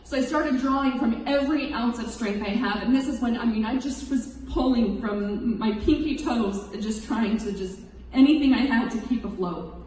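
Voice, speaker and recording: A woman's voice: fairly high pitch, normal speed, a little mellow, slight background noise. Woman giving emotional testimony in echoey hall. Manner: earnest, emotional storytelling. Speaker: speaker recounting her rescue to an audience. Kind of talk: personal testimony speech. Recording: echoey hall, distant mic.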